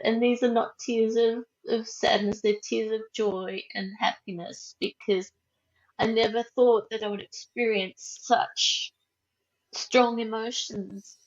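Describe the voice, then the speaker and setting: A woman speaks softly and with feeling, her words slowing and trailing away as she recounts something close to her heart. The recording has a dull, slightly muffled lo-fi tone. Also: on the high side, fairly even intonation. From Australia. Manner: soft, slow and heartfelt, trailing off. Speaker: guest. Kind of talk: emotional personal storytelling.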